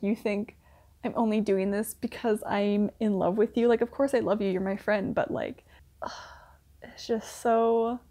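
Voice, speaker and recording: A woman's voice: mid-range voice, darkish tone. A young woman reviewing a TV series in casual chat, talking with lots of "like" fillers and small laughs. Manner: chatty, filler-heavy with frequent "like", laughing asides. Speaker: book reviewer.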